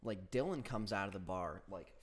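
A man's voice: deep voice, moderate pace, crowd noise. Young man telling a rowdy story. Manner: animated, gets louder as he tells. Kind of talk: casual storytelling among friends.

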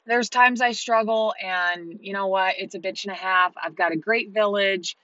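A woman in her thirties, a single mother, telling a story to camera in a blunt, heavily profane and animated way. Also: mid-range voice, moderate pace, no room sound, muffled recording. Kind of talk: casual monologue to camera.

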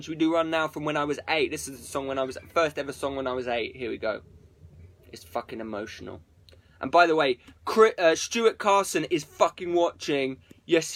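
A man's voice: fairly high pitch, a bit bright. A man streaming to viewers as a musician, rambling casually with plenty of swearing and jokes. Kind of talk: casual livestream chat.

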